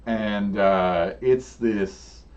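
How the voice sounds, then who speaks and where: A man narrating a tabletop game as game master, unhurried and laughing often. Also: fairly low pitch, darkish tone, recorded from a distance. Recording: dull lo-fi sound, faint room noise.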